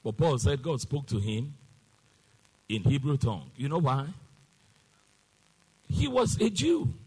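A man's voice: mid-range voice, very animated, measured pace, darkish tone, husky, big-room sound. A man preaching a sermon, emphatic and call-and-response, sometimes half-singing his exclamations.

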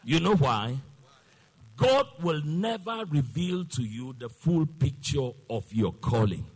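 Raspy preacher in a ringing hall. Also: male voice, on the high side, lively intonation, a little slow, a little mellow. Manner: emphatic call-and-response, half-sung exclamations. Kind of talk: sermon.

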